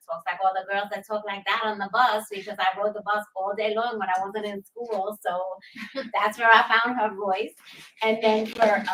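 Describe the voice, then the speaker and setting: A woman's voice: mid-range voice, fairly bright tone. A woman from New York who voices characters, chatting loosely on a convention panel and laughing often. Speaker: voice actor on a panel, moderating turns. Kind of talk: casual panel chat. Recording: far from the mic with faint noise.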